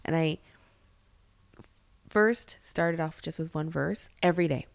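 A woman's voice: low voice, measured pace, gravelly. Earnest young woman on a faith podcast. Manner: earnest, reflective, many fillers and restarts. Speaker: podcast co-host. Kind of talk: candid faith podcast chat.

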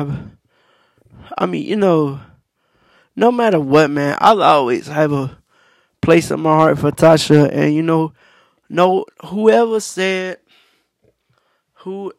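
A man talks loosely into his own podcast, full of slang, fillers and restarts. His voice sits a little high with a gravelly rasp. The recording is dry and close. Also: no room sound. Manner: laid-back, slangy, many fillers and restarts. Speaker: podcast host. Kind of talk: casual storytelling monologue.

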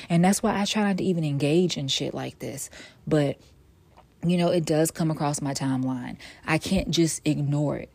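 A woman hosting her own podcast in a casual solo monologue, blunt and profane, swinging from weary sighs to sassy loud outbursts. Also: low-pitched, steady tone, normal speed, dry recording. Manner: blunt, profane and emphatic, with sudden loud bursts. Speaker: podcast host.

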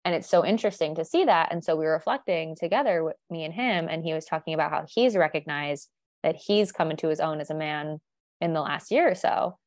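A woman co-hosting a podcast in loose, candid chat, wandering from thought to thought and laughing as she goes. Her voice sits on the low side, recorded dry and close. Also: brisk, a little mellow, dry recording. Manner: candid, rambling, laughs often. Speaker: podcast co-host. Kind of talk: casual chat.

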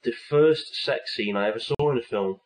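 A man co-hosting a podcast, talking films in a dry, wry way and drifting into long tangents. His voice sits at a middling pitch. The recording carries a noticeable room echo. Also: moderate pace. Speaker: podcast co-host. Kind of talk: casual film chat.

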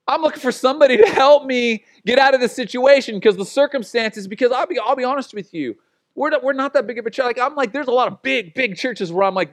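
A middle-aged male pastor preaching a sermon, telling stories with animated humor and frequent laughs. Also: very high voice, quick pace.

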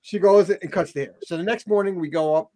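A middle-aged man telling a story in a casual interview, animated, acting out the people he quotes, with frequent restarts. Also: high voice, brisk.

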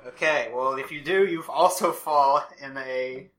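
A man's voice: mid-range voice, measured pace, a bit bright. A man narrating a tabletop game as game master, easygoing and often laughing.

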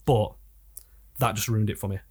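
A man's voice: fairly low pitch, steady tone, moderate pace. A man in easygoing casual chat, laughing often and using slang.

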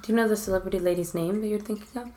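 A young woman co-hosting a casual gossip podcast, reacting with quick questions and interjections. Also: medium pitch, fairly even intonation, mellow, slight background noise. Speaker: podcast co-host.

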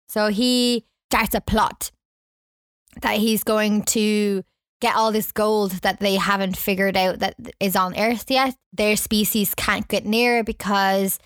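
A woman's voice: medium pitch, fairly even intonation, slow, no echo, clean studio sound. A woman casually chatting about a film, giggling and acting out lines. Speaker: podcast co-host. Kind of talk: casual movie review chat.

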